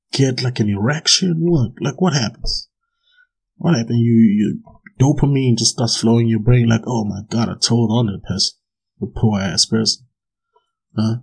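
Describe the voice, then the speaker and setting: Husky man ranting on a podcast. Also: medium pitch, poor audio. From South Africa. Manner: swearing, laughing, rambling with many restarts. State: drinking gin while talking. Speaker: podcast host. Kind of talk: casual solo podcast rant.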